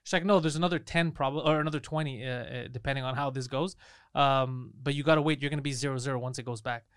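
A man rattling off a story at a fast clip, his voice smooth and clear and fairly high for a man. He swears freely and acts out both sides of the argument. The recording is dry and close-miked, as in a studio. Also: no echo. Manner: animated, profane storyteller acting out dialogue. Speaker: podcast co-host. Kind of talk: casual storytelling.

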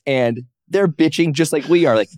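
A man's voice: a little high, moderate pace, dry recording. A man, a professional wrestler, telling stories in a casual interview, jumping into raised voices to act out what others said. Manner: animated, acts out quotes in raised voices. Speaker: wrestler and comic, guest.

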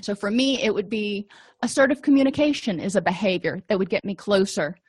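A woman's voice: mid-range voice, brisk, husky, no room sound, clean studio sound. A middle-aged woman counselor teaching a lesson, explaining in a conversational way with everyday examples. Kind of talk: recorded lecture.

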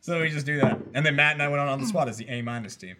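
A man's voice: on the high side, rapid-fire, bright, forceful tone, a little hiss or hum. A man co-hosting a casual podcast chat, laughing often and acting out little voices as he tells stories. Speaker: podcast co-host.

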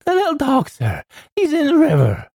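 A man voicing a gushing, apple-cheeked elderly housekeeper woman in a breathless, shrill falsetto. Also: expressive, slow pace, creaky, dark tone, no echo, studio quality, exaggerated voice. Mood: panicked.

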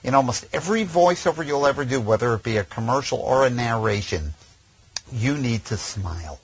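A man coaching voiceover technique in a measured, friendly instructional talk. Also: mid-range voice, animated, breathy edge, low-quality recording. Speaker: voiceover trainer.

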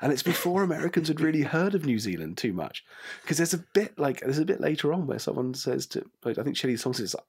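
A man co-hosting a casual film review chat, animated and jokey. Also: a little high, quick pace, breathy edge. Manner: animated, mimics film lines with bits of funny voices. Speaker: podcast co-host.

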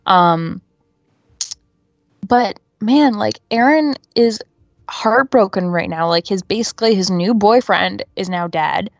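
Speaking at a medium pitch and a slow pace, a woman co-hosts a podcast and gives a casual, chatty recap packed with fillers like "um" and "you know." The audio is dull, with no echo.

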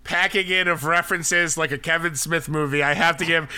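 Bright, high-voiced podcast host. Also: male voice, steady tone, fairly quick, clear, resonant tone. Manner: enthusiastic, reacts with exclamations. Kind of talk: casual podcast hosting.

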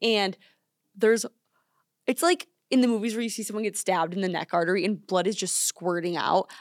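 This young woman, one of a podcast's co-hosts, shares a story into a studio microphone at a moderate pace. Her pitch is medium and there's no echo; she stays lively, leans on "like," and acts out what people said.

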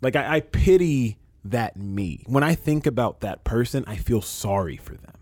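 Podcast guest, man, thirties, earnest and reflective, lively pitch swings, dry close sound. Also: moderate pace, husky, no echo. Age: 30s. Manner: earnest, reflective, repeats phrases and restarts. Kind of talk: emotional casual conversation.

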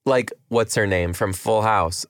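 A man co-hosting a podcast in a dry, close-miked room. He chats casually and energetically, with a lowish voice. He slips into quick acted quotes as he retells a wild story. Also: no room sound. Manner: animated, acts out quotes in the retelling. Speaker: podcast co-host.

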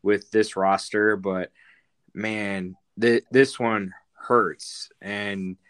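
A man co-hosting a sports podcast, talking in a halting way with many fillers. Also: on the low side, level tone, a bit bright, clean tone. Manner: hesitant, full of fillers. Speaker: podcast co-host. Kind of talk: sports talk chat.

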